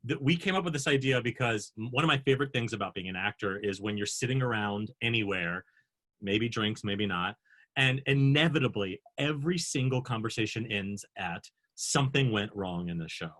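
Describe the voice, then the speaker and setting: A man hosting a video panel, telling a self-mocking backstage story with animated, acted-out quotes. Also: lowish voice, brisk. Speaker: panel host, actor. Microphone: video call.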